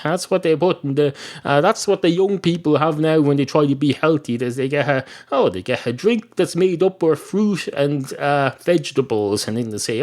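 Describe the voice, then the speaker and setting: Irish man, podcast host, rambling comic monologue, deadpan, sardonic, lively swinging pitch. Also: measured pace. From Ireland. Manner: deadpan, meandering, sardonic asides.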